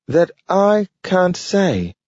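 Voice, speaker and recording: An eager, friendly talking dog with a lifted, high voice and a careful, halting way of saying each word, as a man reads him in an audiobook. The recording is dull and lo-fi and sounds very dry. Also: big pitch swings, darkish tone, dry recording, full character voice. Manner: careful, halting pronunciation of words.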